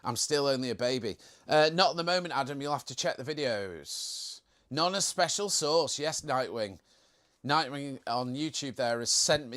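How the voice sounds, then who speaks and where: A man's voice: on the high side, expressive, a little slow, fairly bright tone. A young man hosting a casual live stream, chatting in a jokey way and reading out viewer comments.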